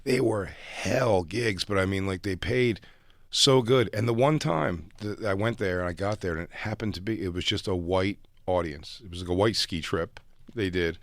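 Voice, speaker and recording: A man telling a long, animated story from his stand-up comedy days in casual chat, acting out other people's lines as he goes. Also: low voice, moderate pace, no room sound.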